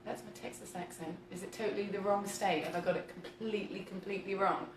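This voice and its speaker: Baking live in her home kitchen, a woman in her thirties chats fast in a medium-pitched, steady voice, giggling and reading out viewer comments. The camera mic sits at a distance, so the room sounds spacious and the background is noisy.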